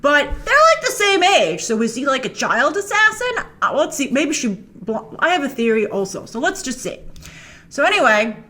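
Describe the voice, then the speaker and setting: A woman's voice: high voice, big pitch swings, normal speed, pushed and bright. A woman hosting a trailer breakdown, talking casually and playfully with lots of asides as she thinks aloud. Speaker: film trailer reviewer and show host. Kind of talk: casual chatty commentary over a trailer.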